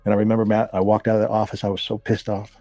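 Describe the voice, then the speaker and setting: A man from Southern California, a guest, telling a profane, animated story in casual talk and acting out the voices of people he quotes. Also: on the low side, rapid-fire, no echo.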